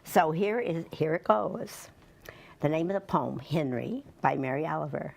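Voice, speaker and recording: A woman's voice: sits low, steady tone, moderate pace, gravelly. A woman leading a poetry class, chatting in an interview with a gushing, enthusiastic manner. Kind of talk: interview chat.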